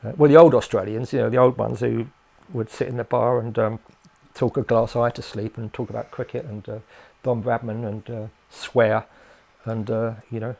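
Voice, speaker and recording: Older English man with a gravelly voice. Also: medium pitch, steady tone, moderate pace, darkish tone. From England. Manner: rambling, hesitant with many fillers and restarts. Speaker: guest. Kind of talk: casual conversational interview.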